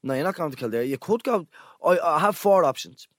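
Young Irish male co-host, rambling jokey chat, animated delivery. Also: on the high side, a little fast, no echo, clean studio sound. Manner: loose, joking, rambling. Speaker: podcast co-host. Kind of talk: casual chat.

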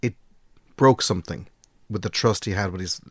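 A man in casual podcast chat, explaining things in a measured way with some restarts. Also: low-pitched, a bit bright, slight background noise.

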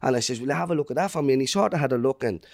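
Irish man, mid-pitched voice, rambling anecdotes, fast delivery, casual chat. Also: lively intonation, creaky, a little mellow, no room sound, studio quality. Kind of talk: casual banter.

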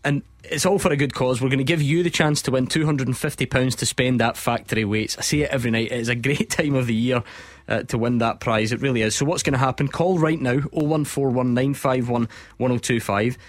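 A man's voice: medium pitch, a little fast, few pauses, no room sound. A man hosting a sports radio phone-in, chatty and jokey, often breaking into laughter.

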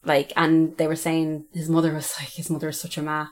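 A woman co-hosts a true-crime podcast in a relaxed, chatty way. Her voice sits slightly low, and she speaks bluntly, swears freely, and keeps acting out what people told her. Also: fairly quick. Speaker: podcast co-host.

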